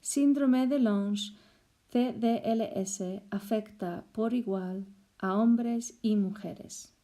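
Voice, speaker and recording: Woman narrator, informative script, mellow warm tone, calm. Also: on the high side, slow. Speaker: narrator explaining a syndrome.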